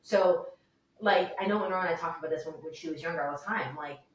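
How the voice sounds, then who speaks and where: A woman's voice: deep voice, quick pace, distant mic. A woman in her thirties hosting a casual podcast conversation, enthusiastic and full of "like", laughing often. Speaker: podcast host. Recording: echoey room, voice off the mic.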